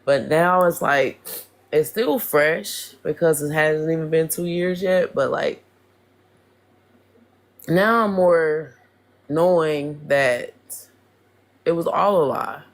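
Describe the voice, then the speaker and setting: A guest speaks slowly in casual chat, halting and restarting often and leaning on "like" between thoughts. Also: mid-range voice. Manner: slow, halting, many restarts and "like"s.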